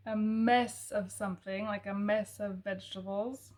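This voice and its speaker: A woman chats about a book she loves in a slow, unhurried way. She muses aloud, stops to search for words, and corrects herself as she goes. Her voice sits at an ordinary middle pitch. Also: fairly even intonation, darkish tone. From American South family. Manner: thoughtful, musing, with fillers and self-corrections. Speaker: book reviewer. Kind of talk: casual book recommendation talk.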